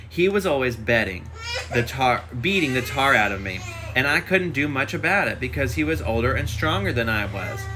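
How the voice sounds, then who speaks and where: Man, casual home read-aloud on a phone live stream; bright tone, steady reading. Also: medium pitch, slight background noise. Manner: reads steadily with chatty asides. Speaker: shop owner reading a book aloud.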